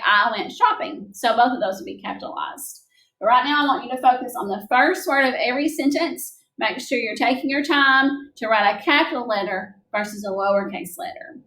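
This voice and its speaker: A young adult woman teaching a recorded lesson to young children, gentle and encouraging, speaking slowly and clearly. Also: fairly high pitch. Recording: echoey room.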